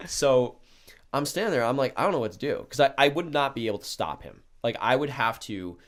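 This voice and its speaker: A young man tells a story on his podcast in casual chat, swearing freely and acting out the lines of the people in it. His pitch swings widely up and down. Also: brisk. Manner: animated, swears a lot, acts out quotes. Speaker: podcast host telling a story.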